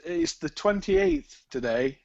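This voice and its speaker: A man's voice: sits high, huge pitch swings, slow, gravelly. A man from the UK with a British accent, a podcast guest giving short, agreeable replies. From United Kingdom. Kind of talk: casual podcast chat. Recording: slightly dull lo-fi audio.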